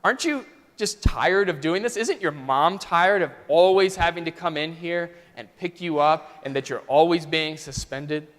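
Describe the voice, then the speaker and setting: A man's voice: fairly high pitch, moderate pace, a bit bright, lightly acted. A man voicing an earnest young male teacher who keeps pressing a student with questions, in a sermon story. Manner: probing, earnest. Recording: long church reverb.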